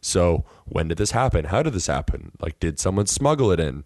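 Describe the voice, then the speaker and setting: A man's voice: low voice, big pitch swings, brisk, darkish tone, no echo, clean studio sound. A man co-hosting a sports podcast, recapping an odd story with wry humor. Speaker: podcast co-host. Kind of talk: casual podcast chat.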